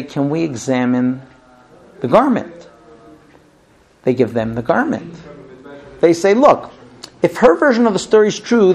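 In a sermon-style Torah lesson, a rabbi narrates the story vividly, voicing each of its characters. His pitch is fairly high.

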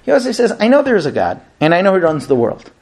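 Animated man telling a Torah story. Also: high-pitched, fast talker, gravelly. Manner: lively, acts out the story's voices. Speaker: rabbi teaching Torah.

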